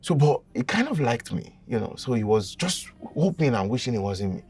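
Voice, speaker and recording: A young Nigerian man telling a funny confession story in a casual, dramatic and animated way, with a gravelly voice. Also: medium pitch, a little fast, distant mic, faint music behind. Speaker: guest.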